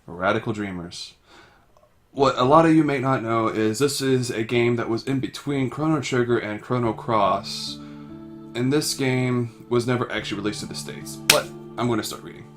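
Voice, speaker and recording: A man's voice: mid-range voice, normal speed, fairly bright tone, faint music behind. A young man casually reading aloud through a text game. He swears often and stumbles over words. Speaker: game reader. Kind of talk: casual let's-play reading.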